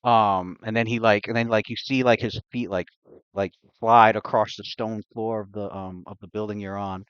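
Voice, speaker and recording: A man's voice: lowish voice, steady tone, normal speed, a bit bright, clean tone, no echo. A man narrating a tabletop game as game master, rambling with many fillers. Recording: dull lo-fi dry stream audio.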